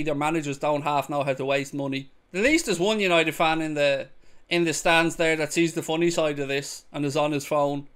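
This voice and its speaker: A young man reacting to football highlights, shifting from sarcastic mutters to loud whooping cheers. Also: clear, resonant tone. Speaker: football fan reaction host. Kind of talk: excited match-highlights reaction commentary.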